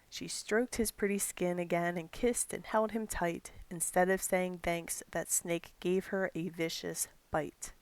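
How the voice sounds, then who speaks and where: A woman's voice: fairly low pitch, fairly even intonation, a little slow, hardly any pauses, no echo. A woman giving earnest Christian commentary in a vlog, thinking aloud with fillers.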